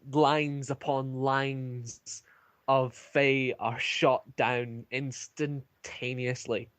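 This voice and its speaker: A male game master narrates a fantasy battle at an unhurried pace. He hesitates often and fills the gaps with ums. The recording is dry and close, with no room sound. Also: mid-range voice, a bit bright, dry recording.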